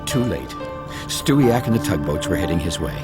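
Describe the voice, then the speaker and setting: A man's voice: low voice, normal speed. Man narrating a children's story. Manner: gentle, lively telling. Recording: narration over loud music.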